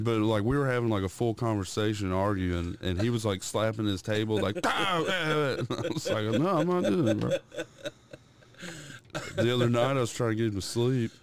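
A young man with a lowish, slightly mellow voice co-hosts a podcast. He casually rambles through profane stories about his toddler, imitating the noises the kid makes.

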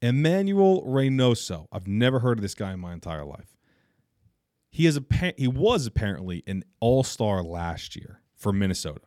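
A young man with a lowish voice co-hosts a casual soccer podcast, blunt and opinionated, happily trash-talking teams he dislikes. The sound is dry and close, with no room around it. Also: sing-song, normal speed, darkish tone, no echo. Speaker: podcast co-host. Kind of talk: casual sports chat.

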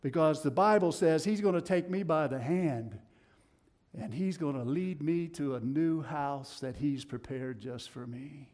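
Preaching in an unhurried manner, a middle-aged Tennessee-accented man moves back and forth between booming declarations and hushed, low passages.

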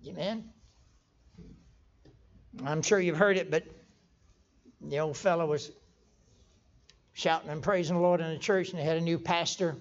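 A man's voice: fairly high pitch, fairly even intonation, normal speed, long pauses. An older man preaching a folksy sermon in a church, stumbling over restarts and breaking into sudden emphatic outbursts. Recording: dull lo-fi sermon recording.

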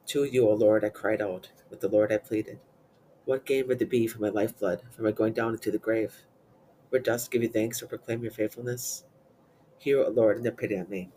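Low-voiced man reciting liturgical prayers. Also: slight background noise, rough recording. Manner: steady measured chanting-like recitation. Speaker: prayer reader.

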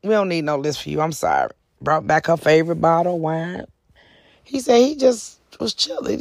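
A host spinning a casual, profane story and acting out each quote. The voice is gravelly with fry. It sits close in a dry, dead room. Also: medium pitch, no echo. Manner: profane, animated, lots of acted quotes. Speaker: podcast host and author.

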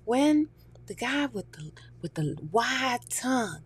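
A woman's voice: on the high side, sing-song, slow pace, breathy edge. A woman talking candidly and profanely in a casual chat, laughing often and dropping into whispery asides.

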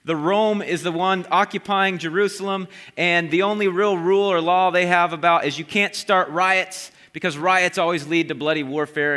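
A man preaching a sermon, retelling a Bible story in a lively storytelling way and briefly acting out the voices of the crowd. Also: sits high. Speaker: pastor. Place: church sanctuary. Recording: long hall reverb.

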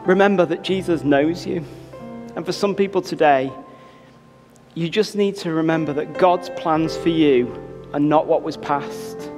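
A man's voice: fairly high pitch, a little slow. A man preaching a sermon as pastor, earnestly urging the congregation. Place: church. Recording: reverberant church with music behind.

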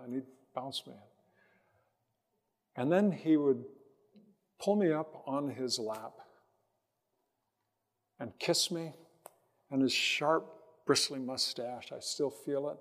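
A man preaching a sermon as a pastor, telling a personal story in a slow, reflective way with pauses, then leading a prayer. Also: mid-range voice, in a large hall.

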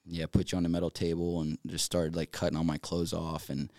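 A man from North Carolina, a podcast guest telling his story casually, animated, with lots of fillers and laughs. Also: low voice, fairly quick, no echo. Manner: animated, laughs often, filler-heavy, acts out quoted dialogue.

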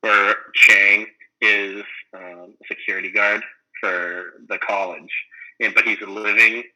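A man chatting casually, rambling and animated as he retells funny scenes, full of "like" and "um". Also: fairly low pitch, takes it slowly, low-quality recording. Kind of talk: casual chat about a sitcom.

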